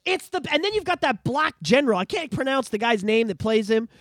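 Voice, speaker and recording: A man hosting a casual podcast, ranting excitedly about movies and swearing freely. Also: extremely high pitch, fairly quick, no room sound. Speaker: podcast host. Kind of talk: casual chat.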